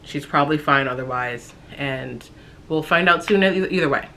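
A young woman casually telling a personal story on her vlog, talking in a halting, reflective way with frequent fillers and restarts. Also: sits low, sharp tone, slight background noise.

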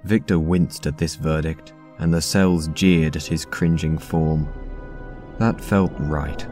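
A man reading a dark story aloud in a measured, even narration. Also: very deep voice. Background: synth music.

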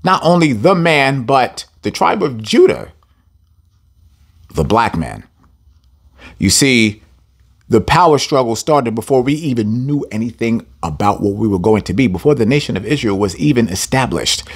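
A man leads a scripture lesson in an emphatic teaching voice. He repeats key phrases for stress and speaks straight to his listeners as family. His pitch rises and falls in lively swings. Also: normal speed, slightly rough. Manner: addresses listeners directly as family. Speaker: Bible teacher.

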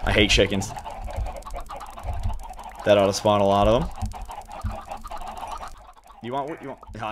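A young man giving casual, excitable let's-play commentary to his viewers as he plays. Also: medium pitch, a little slow, pauses often, background noise. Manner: chatty, excitable, talks to viewers as "you guys". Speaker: gaming YouTuber.

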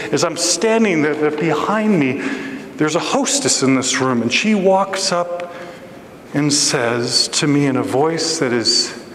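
A man preaching a storytelling sermon as guest preacher, animated and acting out the voices in his story. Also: roomy sound, big-room sound, a little hiss or hum, rough recording. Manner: animated, acts out voices with big pitch jumps. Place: church sanctuary.

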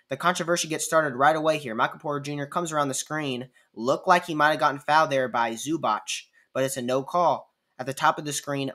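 A man's voice: medium pitch, a bit bright. Man casually breaking down game clips. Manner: chatty, repeats himself while replaying clips. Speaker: sports commentator.

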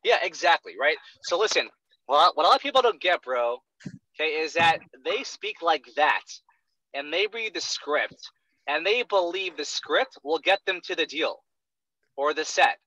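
A man's voice: on the high side, expressive, moderate pace, sharp tone, dry recording. A young man coaching a trainee in sales, talking bluntly with lots of swearing and a constant "right?", on a dull lo-fi recording. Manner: profane, emphatic, keeps asking "right?". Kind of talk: blunt one-on-one coaching talk.

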